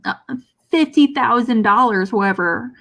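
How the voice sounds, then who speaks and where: A woman co-hosting a movie show in casual chat, hesitant and halting, often restarting her sentences as she searches for words. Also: a little high, lively intonation, a bit bright. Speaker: co-host of a movie discussion show.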